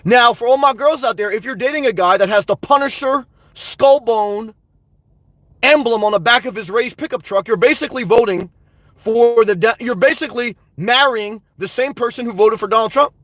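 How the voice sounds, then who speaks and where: A very high-pitched man talks loosely and crudely to his live-stream viewers, reading their comments aloud and laughing often. The sound is close and dry, with no room around it. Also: normal speed, fairly bright tone, dry recording. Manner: rambling, joking, reads out chat comments. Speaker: livestream host.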